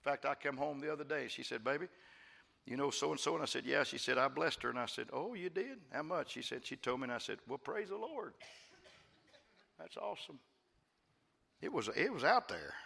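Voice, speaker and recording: A man preaching a fervent sermon as pastor, repeating phrases and swinging from quiet asides to loud praise. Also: mid-range voice, fast, gravelly, long reverb tail. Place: church.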